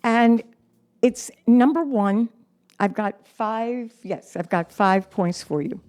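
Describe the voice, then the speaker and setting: A woman's voice: on the high side, a little mellow, soft background music. A middle-aged woman teaching singing, speaking encouragingly and reading from her notes. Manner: slow, encouraging, reads aloud and sings examples. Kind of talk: singing lesson with demonstrations.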